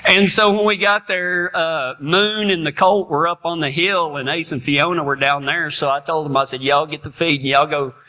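Male preacher, middle-aged, folksy laughing storyteller, high and bright voice. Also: steady tone, normal speed, few pauses. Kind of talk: storytelling sermon.

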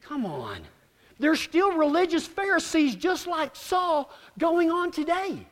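Man preaching, high lively voice, long hall reverb. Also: measured pace. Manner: animated, acts out both sides of arguments. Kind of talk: sermon with storytelling.

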